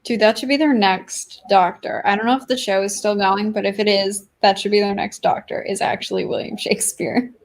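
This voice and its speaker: A woman's voice: mid-range voice, steady tone, brisk, gravelly, few pauses. A woman guest on a livestream, chatting casually about writing and poetry.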